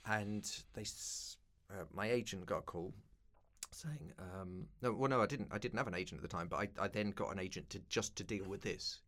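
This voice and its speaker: Low-voiced guy from london in his 50s, chatty and self-mocking, telling stories. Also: fairly quick, a bit bright. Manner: humorous anecdotal storyteller, self-deprecating. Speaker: guest, broadcaster and keynote speaker. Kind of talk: casual interview chat.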